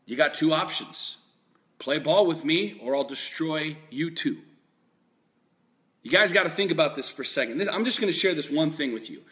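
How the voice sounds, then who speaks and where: A man's voice: on the high side, animated, normal speed, bright, forceful tone. A man giving a fired-up political monologue, emphatic and repetitive, with lots of swearing. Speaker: political commentator.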